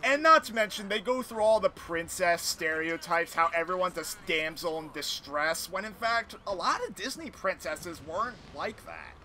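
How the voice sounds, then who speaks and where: A man chats on a gaming podcast with a very bright, sharp tone and a lively, jumping pitch. He rambles and rants loosely, swears now and then, and a faint noise hangs under his voice. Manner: animated, rambling rant with swearing. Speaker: podcast host playing a video game. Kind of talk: casual gaming chat.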